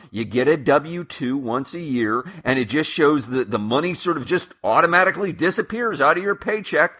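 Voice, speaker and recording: Bright-voiced man explaining money. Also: fairly high pitch, husky. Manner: conversational, emphatic, restarts and asides. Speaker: finance channel host. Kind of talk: casual explainer monologue.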